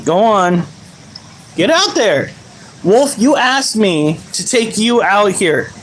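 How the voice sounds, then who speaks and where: Slow-talking pet owner, swinging pitch, exasperated, swears at the dogs, noisy home recording with dogs nearby. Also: big pitch swings, a bit bright. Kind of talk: casual talk to dogs while filming. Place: home and yard with dogs at night.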